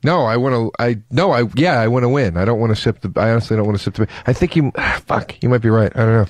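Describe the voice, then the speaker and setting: A man's voice: mid-range voice, fast talker, no echo. A man co-hosting a casual comedy podcast, playful and swearing. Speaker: comedian co-host.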